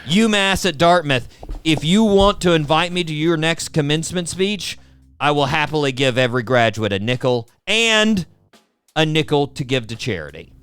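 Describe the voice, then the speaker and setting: A man's voice: on the high side, expressive, moderate pace, a bit bright, clean tone, faint music behind. A male podcast host, chatting casually in a wry, sarcastic way and often addressing his co-host. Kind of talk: casual chat.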